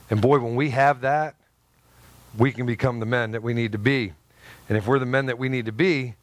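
A man preaching a sermon as pastor, lively and joking, swinging between loud emphasis and soft asides. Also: mid-range voice, no echo.

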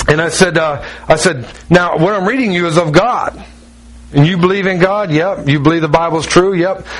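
Guy preaching, folksy and jokey, kinda high voice. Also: a bit bright, rough recording. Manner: folksy and joking, with acted-out asides. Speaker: pastor. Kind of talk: sermon.

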